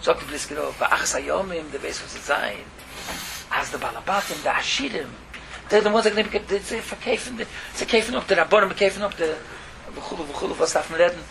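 A man's voice: high voice, quick pace, gravelly, background noise. A man telling a religious story in a Torah talk, repeating phrases for emphasis. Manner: animated, repeating phrases, mixing languages.

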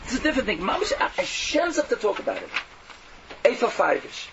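High-pitched, animated man preaching. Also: a little fast, creaky. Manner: animated, mocking, swings from loud to hushed. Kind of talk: fiery Yiddish-laced sermon. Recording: dull lo-fi recording with faint noise.

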